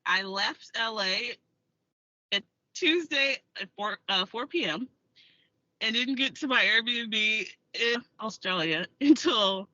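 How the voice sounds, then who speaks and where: Animated, bright-voiced American woman storyteller. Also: on the high side, takes it slowly, no echo, dull audio. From United States. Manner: animated, laughs often while telling stories. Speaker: interview guest, actor and filmmaker. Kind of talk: casual interview storytelling.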